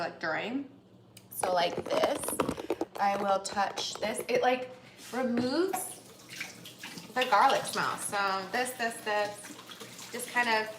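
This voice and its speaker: A woman's voice: on the high side, a bit bright, a little hiss or hum. A young woman hosting a cooking livestream at home, chatting casually and giggling as she cooks. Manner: chatty and giggly, with playful asides. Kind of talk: casual chat while cooking. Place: home kitchen. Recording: echoey kitchen with clattering pots and dishes.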